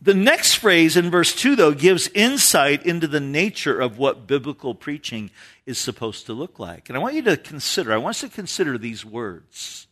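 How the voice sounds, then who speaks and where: A man preaching a sermon in a church sanctuary, his voice pitched high and swinging widely as he teaches. He reads scripture aloud and then explains it in an earnest, conversational way to the gathered congregation. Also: big pitch swings, normal speed, a bit bright. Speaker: pastor.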